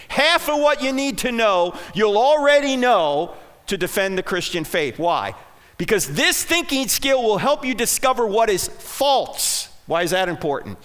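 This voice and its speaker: New man, conference speaker; punchy and jokey, animated high delivery. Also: clean tone, long reverb tail. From New Jersey. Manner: punchy, joking, rhetorical questions. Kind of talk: sermon-style talk to a live audience. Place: church auditorium.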